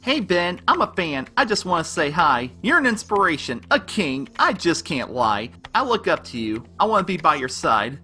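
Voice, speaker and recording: A man's voice: fairly high pitch, very animated, moderate pace, few pauses, sharp tone, slightly rough, soft background music, full character voice. A man rapping in rhyme as an obsessive, unstable young male superfan, with a delivery that swings between gushing and menacing, over a backing beat. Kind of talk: rapped fan-letter verse over a beat.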